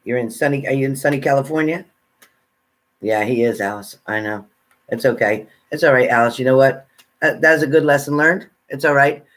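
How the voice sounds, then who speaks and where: A man's voice: mid-range voice, fairly bright tone. A man in casual live-stream chat, a tarot reader who chats away while reading out viewers' comments. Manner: chatty, reads out viewers' comments, eats while talking.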